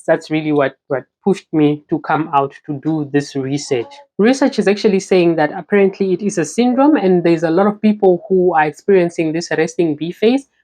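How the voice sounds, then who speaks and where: A young woman from Namibia talks straight to her camera in an easygoing vlog. Her voice sits a little low, and she chats loosely, filling her sentences with "you know.". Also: a little mellow. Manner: chatty, many "you know" fillers. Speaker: vlogger. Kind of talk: casual talking-to-camera vlog.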